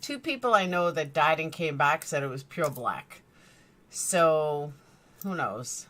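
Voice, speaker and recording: A middle-aged woman hosts a casual live stream from her bedroom. She rambles and chats, greeting her viewers by name. Her voice is a bit low and bright. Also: animated, takes it slowly. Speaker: true crime streamer. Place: bedroom lit by a screen.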